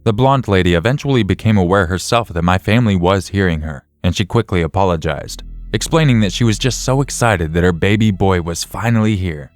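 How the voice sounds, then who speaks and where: A man reading a scripted horror story in the first person, in a measured, even way. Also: low voice, dry recording, faint music behind. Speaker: narrator.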